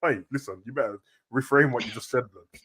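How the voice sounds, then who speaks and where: A man's voice: medium pitch, a little fast, slightly rough. Slangy laid-back man in casual banter. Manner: slangy, animated, laughs often.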